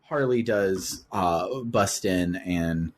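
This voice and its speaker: A man's voice: low-pitched, extremely slow. A man hosting a casual video game discussion, laughing often and hesitating with fillers. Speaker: podcast host. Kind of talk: casual game-club chat.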